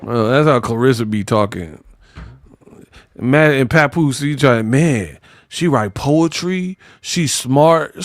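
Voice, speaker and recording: A man hosting casual boxing commentary, animated and mocking, slipping into high-pitched impressions. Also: unhurried, no echo, clean studio sound.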